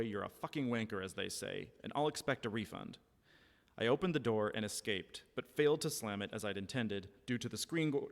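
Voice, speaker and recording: A man reading his own first-person short story aloud at a library event, with wry, measured delivery. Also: lowish voice, in a large hall. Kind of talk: live fiction reading.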